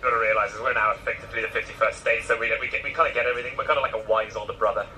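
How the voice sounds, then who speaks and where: Quick, bright-voiced man joking. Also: mid-range voice, far from the mic, a little hiss or hum, low-quality recording. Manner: joking, animated. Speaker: street interviewee. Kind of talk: joking street interview.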